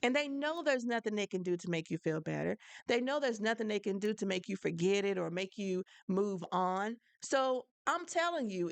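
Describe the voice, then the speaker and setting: Gravelly, frank woman podcast host. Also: mid-range voice, dry recording. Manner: frank, preachy, conversational. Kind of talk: solo advice podcast monologue.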